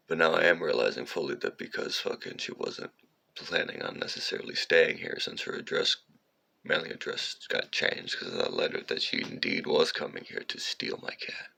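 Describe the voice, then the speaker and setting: A man with a rumbling low, creaky voice and a breathy edge speaks at a moderate pace. He rambles through a personal story, casual, profane and animated, now and then breaking off to talk to his cat.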